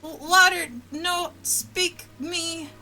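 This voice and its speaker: A woman's voice: very high voice, little pitch movement, extremely slow, bright, forceful tone, faint music behind, voice pushed up, exaggerated voice. A woman voicing a strange male water creature that halts and stammers through broken words. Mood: halting.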